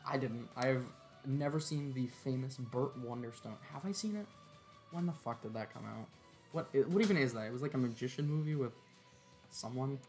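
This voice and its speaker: A man's voice: mid-range voice, moderate pace, a little mellow, faint music behind. A tired man giving laid-back, joking live-stream commentary while he plays a game, swearing and chuckling often.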